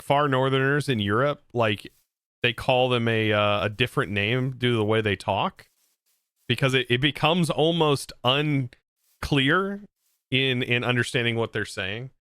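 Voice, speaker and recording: Streamer, male, bright and clear, dry close sound, loose rambling chat. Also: mid-range voice, unhurried, no echo. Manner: rambling, with frequent restarts and laughs. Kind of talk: casual gameplay livestream chat.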